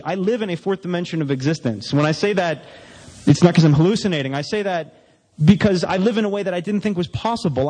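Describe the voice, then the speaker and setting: A man's voice: a little high, dark tone. Candid man speaking in a reverberant hall. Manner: candid, self-mocking storytelling. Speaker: recovery speaker. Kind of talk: speech to a recovery meeting.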